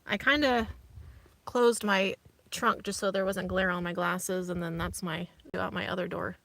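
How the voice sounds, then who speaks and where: A woman with a fairly low, steady voice talks at a moderate pace with some vocal fry and a fairly bright tone, and there's no echo. She's a vlogger hosting a casual live stream from inside her minivan while camping off grid outdoors, reading viewer comments aloud and calling them "y'all."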